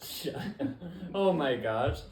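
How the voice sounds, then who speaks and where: A man co-hosting a podcast in casual chat, animated and campy with playful slang. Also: mid-range voice, slow. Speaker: podcast co-host. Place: room at home, with the co-host across a coffee table. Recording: echoey room.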